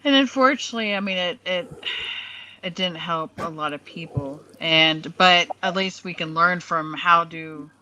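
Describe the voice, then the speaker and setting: A woman on a casual online panel, agreeable and rambling as she thinks out loud. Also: fairly low pitch, moderate pace, lo-fi sound, slight background noise.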